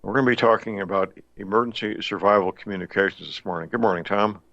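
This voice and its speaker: Man, radio host, gravelly low voice, folksy and unhurried delivery, dull lo-fi sound. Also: steady tone, a bit bright, no echo. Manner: folksy and deliberate, with frequent uh fillers. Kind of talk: radio talk show. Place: home studio in the Missouri Ozarks. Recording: dull lo-fi dry studio sound.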